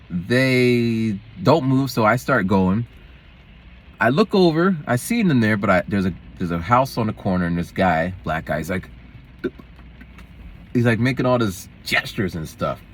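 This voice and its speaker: A man's voice: medium pitch, lively intonation, unhurried, fairly bright tone, a little hiss or hum. A man, a schoolteacher, chatting casually to camera and telling rambling stories that jump from topic to topic. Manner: rambling, digressive, jumps between topics. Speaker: schoolteacher and vlogger. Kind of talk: casual vlog storytelling.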